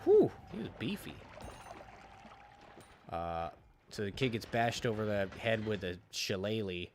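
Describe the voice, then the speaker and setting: A man's voice: fairly low pitch, sing-song, unhurried, a little hiss or hum. A man streaming a game and chatting casually, retelling a story in a rambling, profane way full of restarts. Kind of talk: casual chat while gaming.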